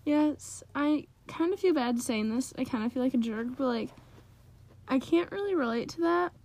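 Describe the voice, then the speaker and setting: A woman's voice: high-pitched, expressive, moderate pace, darkish tone. A teenage girl co-hosting a casual chat, bubbly and full of "like" and slang. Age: teens. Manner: bubbly, lots of "like", playful slang. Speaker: podcast co-host, daughter.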